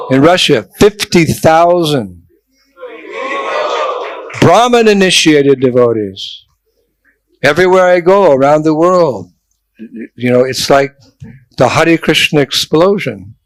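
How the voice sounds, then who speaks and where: Older monk preaching with dry clarity. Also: male voice, a little high, no echo, low-quality recording. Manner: lively storytelling with jokes and asides. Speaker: traveling monk giving a talk. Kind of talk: sermon to a youth festival.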